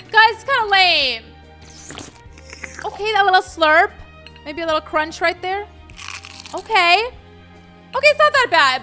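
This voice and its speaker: Bubbly high-voiced young woman gamer. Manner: bubbly, excitable, lots of "oh my gosh" and "like". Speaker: gaming YouTuber. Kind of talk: casual gameplay commentary.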